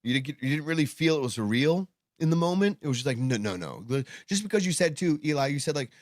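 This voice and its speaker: A man's voice: a little high, quick pace, no room sound, studio quality. A man co-hosting a casual podcast discussion, rambling and swearing with many fillers and restarts, talking with tobacco in his mouth. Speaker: podcast co-host.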